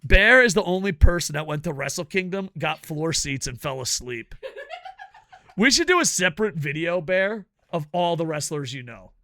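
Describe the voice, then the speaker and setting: A man hosting a casual video review, ranting loudly and profanely in bursts of excitement. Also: a little high, moderate pace, dry recording, clean studio sound. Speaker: wrestling reviewer and show host.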